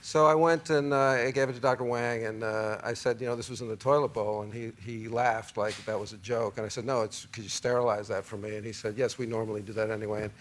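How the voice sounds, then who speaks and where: A man's voice: fairly low pitch, steady tone, quick pace, hardly any pauses, a little hiss or hum. Rambling man in his forties telling a story. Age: 40s. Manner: rambling storyteller, many restarts and fillers. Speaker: talk show guest. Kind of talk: casual anecdote on a talk show.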